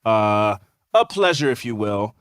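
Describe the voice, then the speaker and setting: A man's voice: on the low side, sing-song, a bit bright, clear, resonant tone, no echo. A man chatting on a podcast, playful and mock-pompous, his fillers stretching out as he rambles. He is recorded close and dry, with no room sound. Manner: jokey, mock-pompous, trails off into drawn-out fillers. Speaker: podcast guest.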